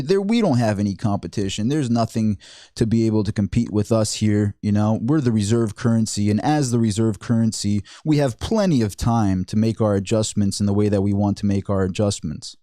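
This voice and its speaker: A man's voice: mid-range voice, dark tone, no room sound, clean studio sound. A man ranting in a commentary vlog, sarcastic and indignant, often stammering as he restarts his sentences. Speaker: finance vlogger.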